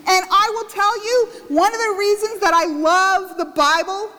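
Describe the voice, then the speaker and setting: A woman's voice: extremely high pitch, steady tone, a little slow, bright, forceful tone. A woman pastor giving a sermon, telling a self-mocking story and acting out the quotes. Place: church. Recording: church hall reverb.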